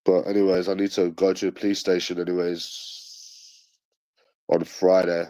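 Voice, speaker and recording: Brief: London man, late 20s, deep-ish, swaggering rant full of slang and swearing, dry sound. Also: flat delivery, normal speed, mellow, dry recording. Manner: swearing, boastful, aggressive slang. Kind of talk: casual ranting monologue.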